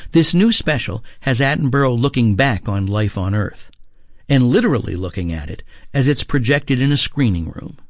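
A man, a TV critic, reading a scripted radio review in a measured way. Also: medium pitch, no room sound, clean studio sound.

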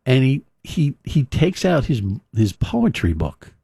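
A man's voice: mid-range voice, wildly swooping pitch, measured pace, vocal fry, mellow, breathy edge, no room sound, studio quality. A male radio host casually retelling a film scene in a rambling way, full of fillers and restarts. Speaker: radio talk show host. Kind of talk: casual talk radio monologue.

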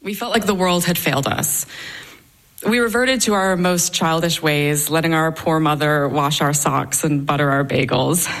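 Low-voiced woman telling a wry story. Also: normal speed. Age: young adult. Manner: wry, dryly humorous storytelling. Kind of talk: personal story told on stage.

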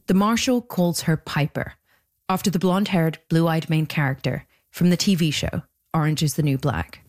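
Low-voiced woman narrating a documentary. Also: moderate pace, darkish tone. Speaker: podcast host and narrator.

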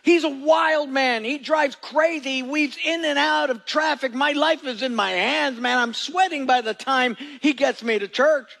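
A man's voice: very high-pitched, unhurried, gravelly, hardly any pauses, a bit bright. A male pastor giving a sermon with folksy jokes and emphatic, storytelling delivery.

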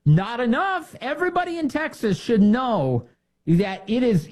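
A man's voice: very high-pitched, sing-song, unhurried, a little mellow. A man giving opinionated political commentary in a sarcastic, indignant way. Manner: sarcastic, indignant, mocking impressions.

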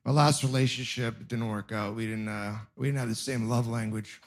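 A man's voice: medium pitch, fairly even intonation, normal speed. A man performing a stand-up comedy set in a self-deprecating, rambling way, with restarts and exaggerated stories.

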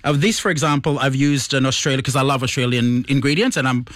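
A man's voice: mid-range voice, fairly even intonation, fast, a bit bright, no room sound. A man from Fiji, a chef guest, chatting casually in a studio interview and enthusiastically describing dishes in detail.

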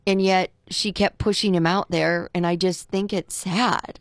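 A woman's voice: lowish voice, steady tone, a little slow, no room sound, clean studio sound. A woman co-hosting a talk radio show, chatting casually and voicing exasperated, outspoken opinions. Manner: opinionated, exasperated, repeats herself. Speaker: radio co-host.

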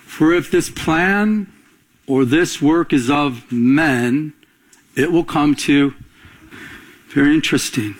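A man's voice: fairly high pitch, slow, pauses often. A middle-aged man preaching a sermon, calling out questions to the congregation and building to emphatic points. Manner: call-and-response preaching, rising to emphatic climaxes. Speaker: pastor.

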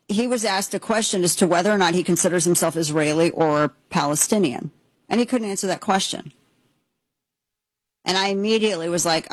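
A woman's voice: fairly low pitch, no echo, poor audio. Emphatic opinionated woman commentator. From United States. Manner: emphatic, opinionated, rambling with restarts. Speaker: commentary host. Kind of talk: political commentary.

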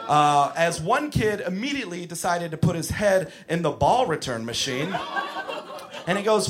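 A man doing stand-up, telling stories in an exasperated tone that breaks into shouted bits. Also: sits high, big pitch swings, normal speed. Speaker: stand-up comedian, camp counselor. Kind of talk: stand-up comedy. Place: comedy club stage. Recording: live club set with crowd laughter. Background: audience laughing.

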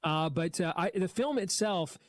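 A man's voice: sits high, expressive, moderate pace, dry recording. Blunt, critical male filmmaker guest. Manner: blunt, critical, many "uh" fillers. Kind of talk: opinionated film commentary.

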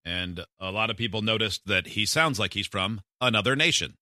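A man's voice: lowish voice, normal speed, no room sound, studio quality. A man hosting a radio show, chatting casually and playfully with his co-hosts. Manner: playful, animated. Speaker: radio host. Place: radio studio. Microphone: studio mic.

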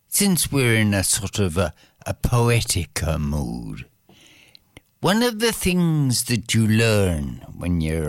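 A woman telling a folk tale to listeners in a slow, drawn-out, lilting way. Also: a bass voice, no room sound, clean studio sound. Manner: slow, drawn-out, lilting, swoops up for lively parts. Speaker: storyteller. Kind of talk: oral folk storytelling.

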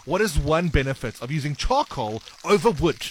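A man hosting a radio breakfast show, running a quiz with energetic, playful banter. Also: fairly high pitch, moderate pace, slight background noise. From South Africa.

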